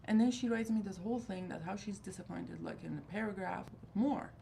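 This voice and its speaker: A woman's voice: mid-range voice, fairly quick, gravelly, dark tone, a little hiss or hum. A woman in her thirties hosting a livestream, talking in a rambling, candid and exasperated way. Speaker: livestream host of a fragrance group. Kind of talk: casual chat.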